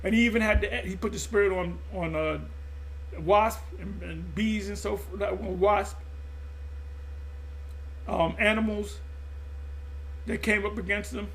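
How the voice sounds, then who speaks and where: A man's voice: sits high, steady tone, a little slow, creaky, long pauses, fairly bright tone, a little hiss or hum. A man preaching in an impassioned monologue, emphatic and repetitive, often stumbling and restarting mid-phrase. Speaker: religious group teacher.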